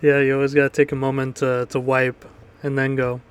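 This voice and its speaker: A man's voice: medium pitch, monotone, a little fast, clean tone. A man co-hosting a casual podcast, laid-back and laughing often. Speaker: podcast co-host. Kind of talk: casual chat.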